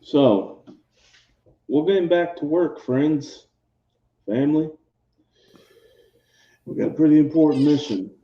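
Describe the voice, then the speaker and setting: A man narrating as game master of a tabletop game, in relaxed, lively storytelling. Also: fairly high pitch, slow pace, long pauses, reverberant, highs cut off.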